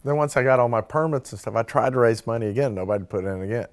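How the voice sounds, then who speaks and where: A man with a medium-pitched voice talks quickly in a casual interview about how he founded a distillery. His account is full of "like" and "you know," and he acts out what other people told him.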